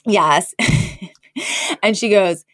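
A woman's voice: mid-range voice, extremely slow, a bit bright, no room sound, clean studio sound. A woman co-hosting a podcast, recapping an episode in a chatty style, laughing often and using lots of fillers. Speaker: podcast co-host.

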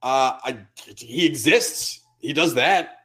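A man's voice: mid-range voice, slow, a bit bright. A man co-hosting a casual sports podcast, trading crude wisecracks and banter. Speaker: podcast co-host. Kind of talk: casual chat.

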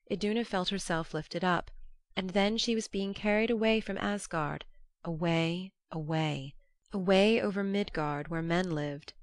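A woman narrating an old-fashioned storybook in a measured, storytelling manner. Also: lowish voice, no echo. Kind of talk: storybook reading.

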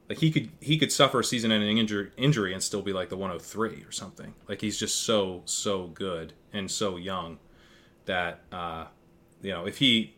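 A man's voice: sits low, fairly bright tone. A man who is a guest analyst on a fantasy football podcast, talking casually and thinking aloud with frequent restarts.

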